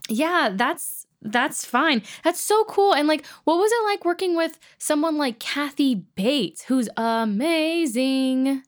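A woman's voice: high-pitched, expressive, slow pace, hardly any pauses. A woman hosting a casual interview chat, enthusiastic and chatty with her guest. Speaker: podcast host.

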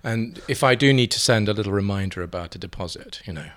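An English painter telling playful, theatrical anecdotes in a relaxed interview chat, often breaking into giggles. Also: male voice, fairly low pitch, fast. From England. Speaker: guest, painter.

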